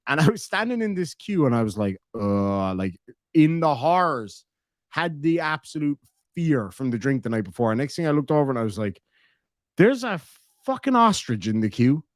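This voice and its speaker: A man's voice: medium pitch, lively intonation, moderate pace, no room sound. Irish man, casual streamer, rambling and swearing, dry close mic. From Ireland. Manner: rambling storyteller, swears freely. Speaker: streamer reading chat. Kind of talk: casual chat.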